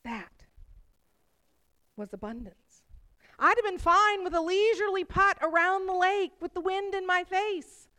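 A woman preaching from the pulpit, her voice sitting high. She tells personal stories with animated energy, rising as the feeling builds. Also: measured pace, pauses often. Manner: animated storytelling, voice rising with emotion.

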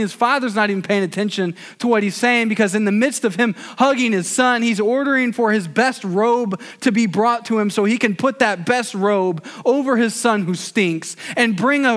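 High-voiced man preaching casually. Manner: conversational, animated storytelling with fillers. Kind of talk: casual sermon.

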